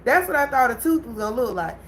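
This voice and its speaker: A woman hosting a casual livestream, telling a story to her viewers in an animated way and laughing often. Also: a little high, quick pace, slight background noise, low-quality recording. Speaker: livestream host.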